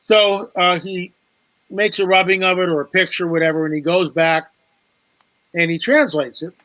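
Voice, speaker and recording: A man's voice: high-pitched, fairly even intonation, normal speed, bright, forceful tone, dry recording, highs cut off. A man, a guest author on a talk show, telling a story with animation, repeating words and acting out quoted dialogue.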